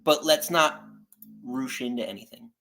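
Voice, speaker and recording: A man's voice: mid-range voice, moderate pace, bright, forceful tone. A man co-hosting a casual wrestling podcast, giving opinions in a rambling way with many restarts. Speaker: podcast co-host.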